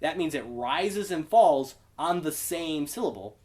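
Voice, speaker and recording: A man's voice: a little high, lively intonation, unhurried, darkish tone. A young man teaching a casual beginner Greek class, explaining patiently and asking his students for questions. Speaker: Bible study Greek teacher.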